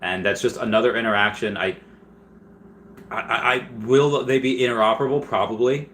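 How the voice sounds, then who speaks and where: A man hosts a casual live stream, reading chat questions aloud and rambling through his answers with frequent restarts. His medium-pitched, fairly bright voice has fairly even intonation and a moderate pace, with slight background noise.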